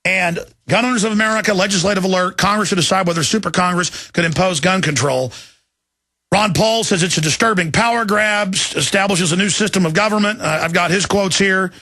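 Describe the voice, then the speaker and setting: A man's voice: high voice, brisk, bright, forceful tone. A middle-aged man hosting a talk radio show, emotional and alarmed as he reads news quotes aloud. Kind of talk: agitated talk radio monologue.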